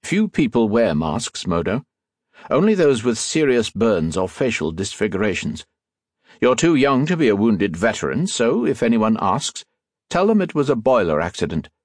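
A man voicing a stern, brusque older gentleman who gives curt commands. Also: lowish voice, big pitch swings, normal speed, no room sound, clean studio sound.

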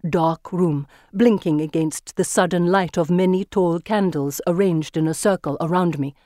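Audiobook narrator, first-person story, measured, vivid, close dry mic. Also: medium pitch, a little mellow, no echo.

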